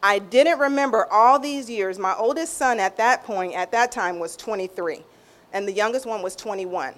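A middle-aged woman gives an emotional faith testimony as a guest, speaking casually and expressively at a normal speed. She often repeats and restarts phrases and acts out what others said, with big pitch swings for the quoted voices.

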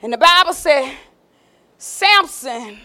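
A woman's voice: high voice, animated, slow pace, pushed and bright. A woman preacher delivering a sermon, emphatic and calling out to the congregation.

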